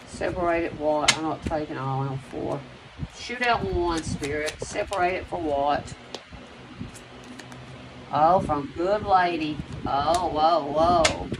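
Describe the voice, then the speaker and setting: Woman, gravelly voice, casual profane card reading, rambling, noisy background with traffic. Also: on the low side. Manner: rambling and profane, addresses viewers directly. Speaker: spiritual card reader.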